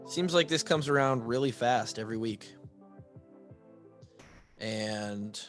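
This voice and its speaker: A man's voice: medium pitch, slow, long pauses, fairly bright tone, faint music behind. A man hosting a fitness podcast alone, talking casually with restarts, asides and frequent "right?", a bit tired. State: tired, yawning. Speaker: podcast host and fitness coach. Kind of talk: casual solo podcast talk.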